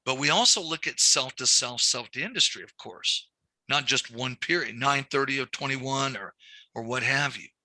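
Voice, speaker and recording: A man's voice: medium pitch, moderate pace, pushed and bright, dry recording. A man teaching a lending class, repeating key points and telling stories from his banking days. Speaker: banking instructor. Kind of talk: classroom lecture.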